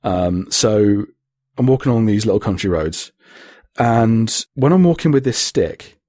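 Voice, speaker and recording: Man, husky, lowish voice, dry sound, rambling podcast chat. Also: expressive, a little slow, mellow, no echo. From Britain. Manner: rambling, sweary, laughs often. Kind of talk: casual chat.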